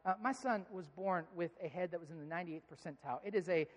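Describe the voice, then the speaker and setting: In a long, reverberant hall, a pastor in his thirties talks fast in a high voice. His sermon mixes casual storytelling with pleas that build in emphasis.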